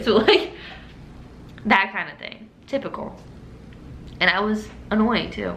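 Bright-voiced young woman telling a story. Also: medium pitch, a little slow, pauses often. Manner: chatty and animated, with frequent laughs and filler words. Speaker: vlogger. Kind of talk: casual story-time monologue. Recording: roomy room echo with faint hiss.

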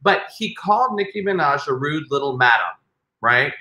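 A man co-hosting a podcast in casual chat, animated and teasing, swearing freely. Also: a little high, moderate pace. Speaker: podcast co-host. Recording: echoey room.

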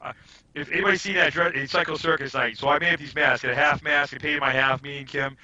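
A man chats as a podcast guest, rambling through animated stories and restarting his sentences. His voice sits a little high and sounds very bright and edgy. The recording is dull and lo-fi. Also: fast. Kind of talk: casual storytelling chat. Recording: dull lo-fi audio.

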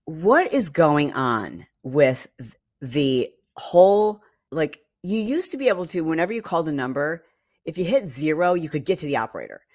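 A woman's voice: deep voice, normal speed. Exasperated woman ranting on a podcast. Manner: animated, exasperated ranting with frequent fillers. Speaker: podcast host. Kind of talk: casual podcast monologue.

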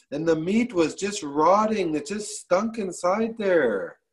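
A man from Canada telling a traditional story in a measured, repetitive way, with frequent restarts. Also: fairly high pitch, a little mellow. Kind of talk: oral storytelling.

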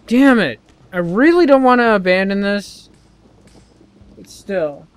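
A man mutters his way through a video game at an unhurried pace, swearing often in irritation. His voice is fairly high for a man, smooth and clear. Faint game music plays under him. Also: animated, no echo. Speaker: gameplay commentator. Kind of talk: frustrated let's-play commentary.

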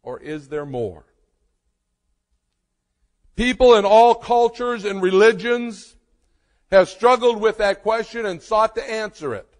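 A man preaching in a high, unhurried voice, leaning on each word with emphatic weight and long pauses. His sermon rings out with a long reverb trailing behind it. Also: expressive. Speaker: pastor.

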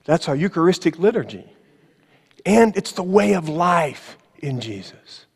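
A man preaching a sermon as pastor, emphatic, slowing on key phrases, with ironic asides. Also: a little high, sing-song, slightly rough. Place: church sanctuary. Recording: long church reverb.

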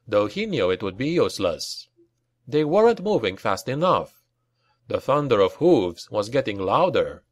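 Male narrator for grim fantasy audiobook, lively dramatic delivery, dead-dry booth sound. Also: no echo. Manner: dramatic reading, raising pitch for shouted lines. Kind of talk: scripted narration.

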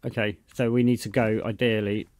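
A man with a Bristolian accent chats casually while streaming a survival game, laid-back and talkative, calling people mate a lot. His voice is on the low side, a little mellow, with a level tone and a slightly fast pace.

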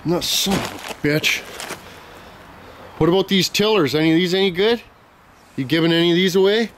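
A young man vlogging outdoors on a handheld camera, rambling and joking loudly with plenty of slang and swearing. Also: high-pitched, normal speed, a little hiss or hum. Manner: loud, profane, joking banter with lots of slang. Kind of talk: casual rambling vlog chat.

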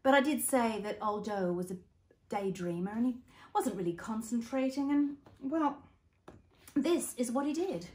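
A woman's voice: a little high, animated, moderate pace, darkish tone. A woman with an Australian accent telling a story to children, playful, asking the listeners questions and making sound effects.

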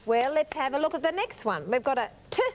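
A woman's voice: high voice, lively intonation, fast. A woman hosting a children's television show, coaxing and encouraging preschoolers in a studio with a sing-song manner. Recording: hissy 1980s TV broadcast tape.

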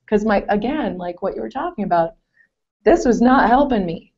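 A woman's voice: medium pitch, lively intonation, brisk. A woman in her forties, a former competitive swimmer, telling stories in a casual interview with lots of laughter and self-deprecating asides. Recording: dull lo-fi call audio.

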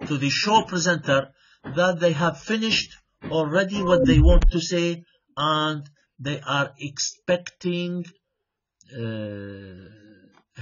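Man, lecturing, repeats and checks in with the class, slightly husky, muffled lo-fi sound. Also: fairly high pitch. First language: Arabic. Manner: repeats himself, checks with "right?", switches into Arabic asides. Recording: dull lo-fi sound.

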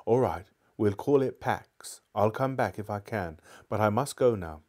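A man voicing a spirited, sharp-tongued young girl who talks primly and sarcastically, in a live book reading. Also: on the low side, animated, measured pace. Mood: tart. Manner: prim, sarcastic.

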